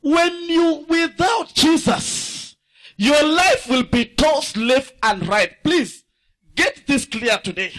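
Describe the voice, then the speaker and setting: Male preacher, high and ringing, very lively pitch, fiery call-and-response sermon. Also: slow. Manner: fiery, swinging from loud shouts to low asides; asks the congregation to fill in words.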